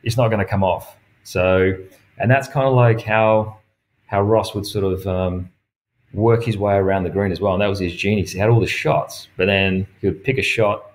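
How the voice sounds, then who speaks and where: A man's voice: on the low side, moderate pace. A man with an Australian accent, a golf pro and coach talking as a guest in a casual interview, telling stories and acting out quoted dialogue with frequent laughs. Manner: lively storyteller who acts out quoted dialogue; laughs often while talking.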